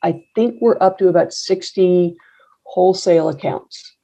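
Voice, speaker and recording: A middle-aged woman with a low, gravelly voice talks through her story in a loose, wry manner, often pausing on fillers and restarting. Her tone is dark and mellow, and the recording sounds a bit dull and lo-fi. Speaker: coffee roaster and business owner. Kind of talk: casual interview storytelling.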